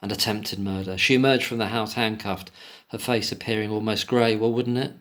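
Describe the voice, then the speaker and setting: A man with a fairly low voice reads passages aloud in a solo commentary. Between the passages he breaks into emotional, indignant tirades full of swearing. He keeps returning to the text and then flaring up again. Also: steady tone, a little fast, a bit bright. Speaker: commentator reading and discussing an article. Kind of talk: solo commentary, reading aloud with angry asides.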